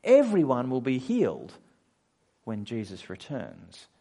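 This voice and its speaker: Male preacher, lively pitch, chatty sermon delivery that slips into quoted voices. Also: measured pace. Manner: conversational, animated, acts out quoted voices.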